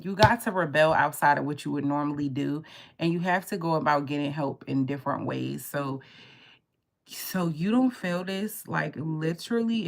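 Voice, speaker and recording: A woman tarot reader chatting casually on a live stream, telling stories in an animated way and swearing freely. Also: deep voice, vocal fry.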